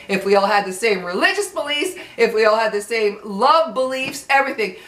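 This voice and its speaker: Older lady ranting mad, cussing a lot, bright higher voice in an echoey room. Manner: heated, cursing, emphatic, repeats herself. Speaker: vlogger. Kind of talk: angry rant to camera.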